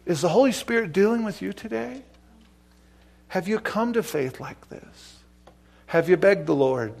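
A male pastor delivering a sermon in a slightly high voice. He is emphatic and earnest, jumping from loud declarations down to hushed, pleading questions that he repeats to drive them home. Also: expressive, unhurried, gravelly.

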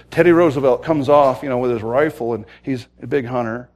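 A man preaching a sermon, telling a story dramatically and swinging from loud to hushed. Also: a little high, brisk, hardly any pauses. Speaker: pastor.

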